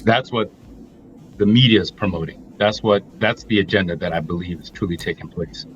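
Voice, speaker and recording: A man's voice: deep voice, brisk, dull audio, slight background noise. A middle-aged man co-hosting a reaction talk, emphatic and blunt, laying out his points one by one. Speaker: co-host. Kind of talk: opinionated reaction commentary.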